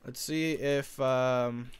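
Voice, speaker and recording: A young man giving live gameplay commentary, excitable, his voice leaping up when something happens. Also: extremely slow, smooth. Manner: excitable, voice jumps high when he spots loot. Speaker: gaming YouTuber.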